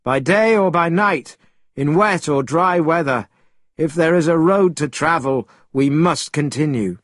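Man doing a commanding monkey hero from a storybook, raised voice, husky and dry. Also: on the high side, measured pace, dry recording. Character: bold restless male monkey pilgrim.

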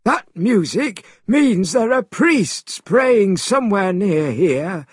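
Man voicing a loud pig-man pilgrim from a storybook, high calling voice, husky. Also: very animated, slow, no echo, clean studio sound, full character voice.

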